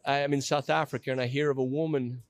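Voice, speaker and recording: A man in his fifties, a podcast guest, telling a personal story in an earnest, animated way. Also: medium pitch, fast, no echo, clean studio sound.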